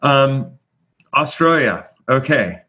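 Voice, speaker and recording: A man's voice: mid-range voice, animated, slow pace, bright, forceful tone, husky. A man hosting a casual chat, chatty and full of fillers as he announces rankings. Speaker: host. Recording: dull lo-fi audio.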